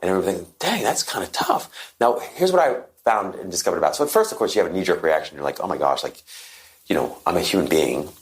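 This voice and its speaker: A man talking as a guest coach on a podcast, lively and quick with short agreeing interjections. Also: deep voice. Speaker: guest, happiness and positive psychology coach.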